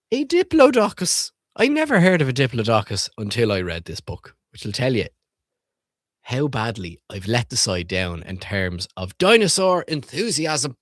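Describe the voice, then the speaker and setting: The recording is dry and studio-clean, capturing a man's lowish voice. He streams casual comedic commentary while reading and reviewing children's books aloud, swearing freely, joking irreverently, and quizzing viewers.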